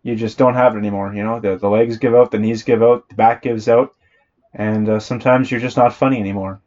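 A man's voice: fairly low pitch, steady tone, fairly quick, a little mellow, muffled recording. A man co-hosting a podcast in casual chat, laid-back and joking. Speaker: podcast co-host.

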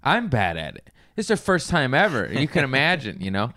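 A man's voice: mid-range voice, moderate pace, no room sound. A man in his thirties chats loosely on a comedy podcast, swearing freely and jumping into silly voices as he acts out his stories. His voice sits in the middle range. The sound is dry and close to the mic. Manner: animated storytelling, swearing, acting out quotes. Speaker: stand-up comedian, guest. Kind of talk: casual podcast chat.

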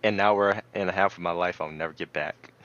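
A man in casual chat, telling a relaxed story while quoting his friends and swearing now and then. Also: sits low, moderate pace, dull audio. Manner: laid-back, quotes friends, swears, laughs along.

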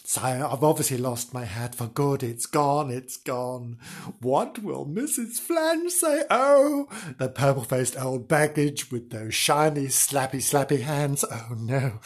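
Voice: mid-range voice, expressive, a little slow, breathy edge. A storyteller voicing an anxious, muddling man who frets and repeats himself. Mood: fretful.

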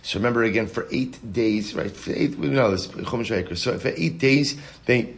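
A man's voice: mid-range voice, moderate pace, creaky. Man teaching a Talmud class. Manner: reads Aramaic text aloud then explains it in English, asks rhetorical questions.

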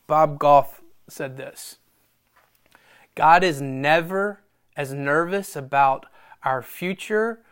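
A man preaching a sermon, animated and self-deprecating, acting out conversations between God and Moses. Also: on the high side, slow pace, long pauses, clear, resonant tone. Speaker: pastor.

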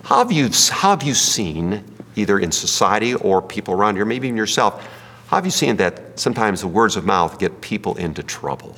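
Man, pastor, sermon, folksy and joking, husky, slightly low voice. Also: very animated, brisk, bright, forceful tone. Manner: folksy, joking, asks the room questions. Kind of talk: sermon with jokes and audience questions. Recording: long hall reverb.

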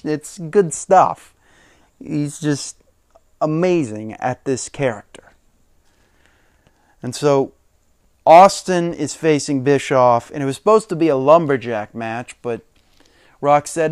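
A man's voice: fairly high pitch, unhurried, no echo. Chatty man recapping wrestling, dry close mic. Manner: chatty, laughs often, quotes wrestlers in animated bursts. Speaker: podcast host.

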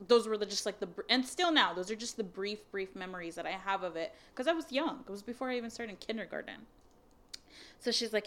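Young woman, casual storytelling, candid, swears, lots of fillers, smooth clear tone, mid pitch. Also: a little fast. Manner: candid, swears, many fillers, animated retelling of dialogue.

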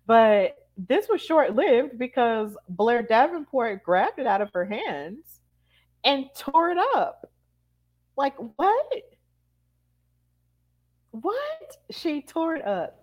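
A woman's voice: on the high side, slow pace, pauses often, highs cut off. Chatty woman recapping wrestling. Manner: chatty, animated retelling with acted-out quotes. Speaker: podcast co-host. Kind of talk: casual wrestling recap chat.

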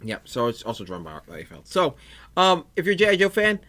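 Bright-voiced man in casual chat. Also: a little high, wildly swooping pitch, fairly quick. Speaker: comic book podcast co-host.

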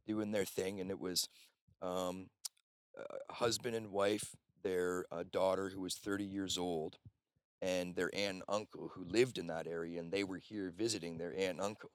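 A man's voice: low voice, steady tone, moderate pace, clean tone, no room sound. A man, host of an off-grid cabin, telling long rambling stories in casual conversation and swearing now and then.

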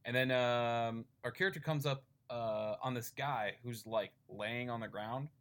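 A man's voice: mid-range voice, fairly even intonation, a little slow, a bit bright. Male podcast co-host, easygoing, rambling comic-book recapper. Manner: rambling retelling with fillers and laughs. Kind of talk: casual comic book review chat.

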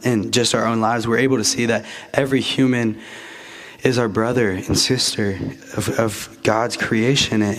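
A male pastor delivers a sermon in an earnest, mid-pitched voice. He often restarts his sentences with a repeated "and." He slows right down to stress the phrases that matter most.

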